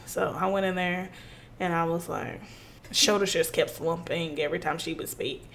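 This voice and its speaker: A woman co-hosting a podcast, telling a work story in animated casual chat, swearing and acting out quotes. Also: on the low side, moderate pace, gravelly, slight background noise. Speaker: podcast co-host.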